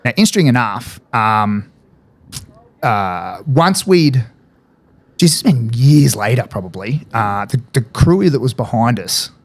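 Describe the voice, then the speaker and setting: A man's voice: mid-range voice, animated. An Australian man, a podcast guest, telling a war story in casual chat and swearing freely. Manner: fast, swears freely, lots of fillers. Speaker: podcast guest, former paratrooper.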